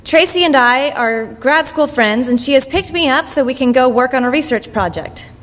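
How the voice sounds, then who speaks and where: A woman's voice: high-pitched, moderate pace, fairly bright tone. A woman telling a personal story in a conversational monologue on stage. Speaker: monologue performer. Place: university event hall. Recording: long hall reverb.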